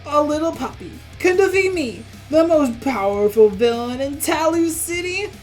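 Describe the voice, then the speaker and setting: A woman's voice: high-pitched, animated, moderate pace, a little mellow, faint music behind, pitched above the performer's own voice. A boastful, gloating cartoon dog villain and genius inventor with a Boston accent, as a woman puts him on. He talks himself up as the most powerful villain around. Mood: taunting.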